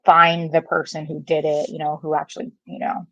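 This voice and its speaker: A woman's voice: low voice, monotone, moderate pace, a bit bright, no room sound, muffled recording. A woman in a casual true crime discussion who keeps asking curious questions and thinks aloud, talking over a laptop call. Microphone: laptop video call.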